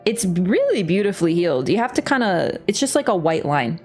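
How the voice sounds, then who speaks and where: Speaking fairly quickly in a fairly low voice, this woman streamer tells a story mid-game, with faint music in the background. Her webcam mic catches her laughing, cursing casually and doing voices in a lively way.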